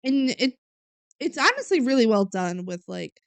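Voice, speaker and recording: Smooth-voiced woman podcast co-host. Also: fairly high pitch, sing-song, normal speed, dry recording. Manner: retells scenes with filler words, often trails off quietly. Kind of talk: casual movie recap chat.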